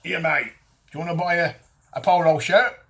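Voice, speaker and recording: A man's voice: fairly high pitch, steady tone, moderate pace, fairly bright tone, pitched above the performer's own voice. A man voicing a cheeky pub trader who pushes knock-off goods with matey, pushy patter. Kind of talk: mocking impression in a casual talk.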